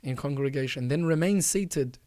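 A man's voice: fairly high pitch, moderate pace, a little mellow, no echo, clean studio sound. A man hosting a religious advice talk, earnestly urging listeners and repeating phrases for emphasis. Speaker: podcast host.

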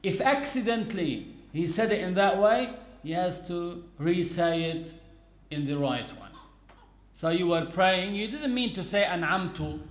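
High-voiced man teaching in an echoey room. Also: lively intonation, a little slow. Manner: patient, explains with worked examples. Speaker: religious teacher. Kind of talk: religious lesson.

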